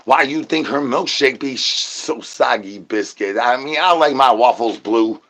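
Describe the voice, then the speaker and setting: A man's voice: mid-range voice, a little slow. A man ranting an absurd comedy monologue full of rhyming nonsense slang and stuttered repeated words. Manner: shouts out catchphrases. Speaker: comedy channel host. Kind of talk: absurd improvised comedy rant.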